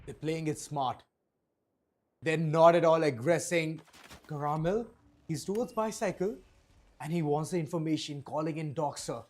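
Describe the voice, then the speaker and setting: Brief: energetic male caster, high voice, calls the play. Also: normal speed, pauses often. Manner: energetic, building hype. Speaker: esports caster. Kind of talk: play-by-play esports commentary.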